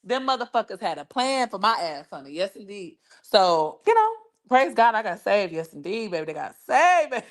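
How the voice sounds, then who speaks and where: This livestream host has a sing-song, medium-pitched voice at a moderate pace. Nursing an injured foot, she trades casual gossip with brash profanity and lots of laughter, peppering it with "child" and "baby."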